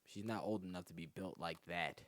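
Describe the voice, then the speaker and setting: A man hosting his own comedy podcast alone, rambling through profane, animated stories. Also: brisk, dry recording. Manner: profane, animated storytelling that jumps in pitch. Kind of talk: rambling solo comedy monologue.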